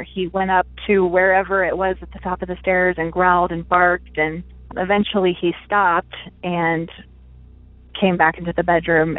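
A woman's voice: mid-range voice, no echo. Woman telling a ghost story over the phone. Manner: chatty, many fillers and restarts. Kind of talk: recorded personal story. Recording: tinny phone-line recording.

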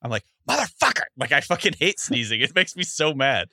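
Man, podcast co-host, very bright forceful voice, animated, dry mic. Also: mid-range voice, dry recording. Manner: laughs often, swears, quick reactions. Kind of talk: casual chat.

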